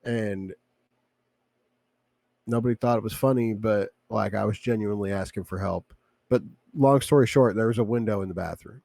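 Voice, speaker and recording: A man's voice: lowish voice, normal speed, gravelly, warm tone, no room sound, studio quality. A man playing in a tabletop game, chatting casually in a rambling, jokey way. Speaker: player.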